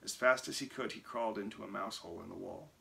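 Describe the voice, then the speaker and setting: A man reading a picture book aloud in an expressive, lively way. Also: on the low side, fast, vocal fry, noisy background. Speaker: reader.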